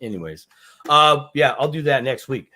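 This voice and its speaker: A man in a loose, casual livestream chat, talking at an everyday pitch. He rambles and jokes, thinking out loud as he clicks around a site. His delivery is relaxed and conversational. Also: moderate pace. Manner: rambling, jokey, thinks aloud while browsing. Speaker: co-host.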